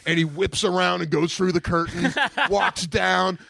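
A man guesting on a podcast, telling animated stories in casual chat and jumping into loud put-on voices. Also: sits high, unhurried, gravelly, no room sound.

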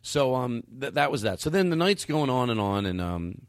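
A man hosting a casual podcast chat, telling a story and acting out the dialogue with lively shifts in his voice. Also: mid-range voice, moderate pace, no room sound, clean studio sound. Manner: animated, acts out quoted dialogue. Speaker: podcast host.

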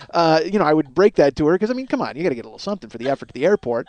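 Middle-aged male podcast host, quick rambling comic storyteller, slightly high voice, dry close sound. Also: wildly swooping pitch, darkish tone. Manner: rambling, self-mocking storyteller. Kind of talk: casual comedic monologue.

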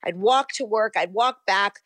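A woman in her fifties, an actress being interviewed, recalling her past in a relaxed, rambling way full of ums and you-knows. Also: medium pitch, a little slow, no echo. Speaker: actress guest. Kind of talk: casual interview.

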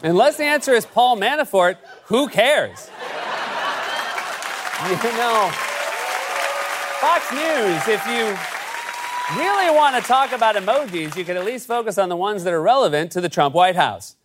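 A man's voice: high voice, animated, normal speed, over a noisy crowd, very noisy. A man hosting a late-night comedic news monologue with a sarcastic, punchy delivery. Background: studio audience laughter.

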